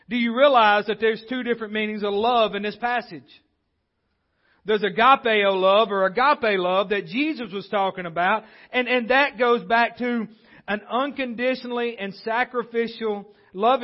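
A man with a high-pitched voice delivers a sermon from the pulpit, speaking conversationally and often stumbling into restarts. The sound is dull and lo-fi, as if captured on modest equipment. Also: moderate pace. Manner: conversational preaching with frequent restarts. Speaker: pastor. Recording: dull lo-fi recording.

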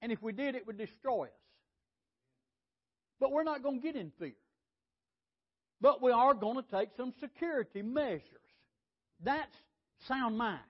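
High-voiced preacher, folksy. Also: male voice, expressive, measured pace, pauses often. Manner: folksy, conversational preaching with repetitions. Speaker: pastor. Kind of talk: sermon. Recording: dull lo-fi sound.

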